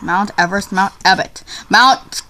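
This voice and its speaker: A young woman commenting on her own gameplay, excitable and quick to yelp and shriek when things go wrong. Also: mid-range voice, a little hiss or hum. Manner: excitable, yelps and shrieks at failures. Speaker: gaming YouTuber.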